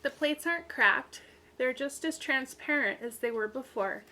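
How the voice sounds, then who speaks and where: A woman's voice: high-pitched, moderate pace, sharp tone. A woman hosting a crafting video, demonstrating and explaining in a practical, plain-spoken way with some fillers. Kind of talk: casual demonstration tutorial.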